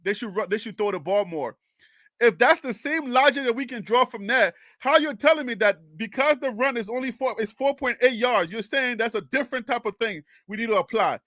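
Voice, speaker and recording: Young guy from liberia hosting a sports show, high bright voice, keeps laughing and pushing back. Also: a little fast, dry recording, clean studio sound. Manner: animated, argumentative, laughs often. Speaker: sports talk show host. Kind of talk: casual livestream sports talk.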